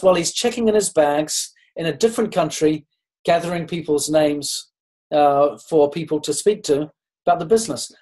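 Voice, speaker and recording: A man with a fairly high voice gives a motivational training talk. He speaks unhurriedly, pausing and restarting his sentences. He acts out the dialogue in his stories. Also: darkish tone, low-quality recording. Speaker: network marketing trainer.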